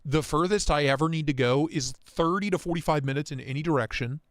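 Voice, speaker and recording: Excitable, swearing man on a livestream. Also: a little high, fast talker, no room sound, clean studio sound. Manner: excitable, profane, rambling rants. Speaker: livestream host. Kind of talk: casual live chat.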